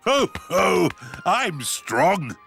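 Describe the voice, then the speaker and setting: Cartoon daddy pig, hearty and blustering, slow and very sing-song. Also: male voice, high-pitched, very animated, gravelly, a bit bright, soft background music, full character voice. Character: jolly chubby father pig.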